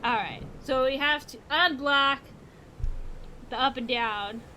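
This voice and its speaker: A high-pitched woman with a bright, sharp voice, casually commenting on a puzzle game. She talks slowly, mutters to herself and swears in exasperation, with faint game ambience behind her. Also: a little hiss or hum. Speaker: game streamer.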